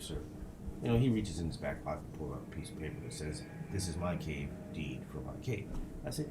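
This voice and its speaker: A father telling his sons an improvised spooky story, swearing freely and acting out the voices of the people in it. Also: low voice. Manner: animated, swears freely, acts out quoted voices. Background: loud guitar music.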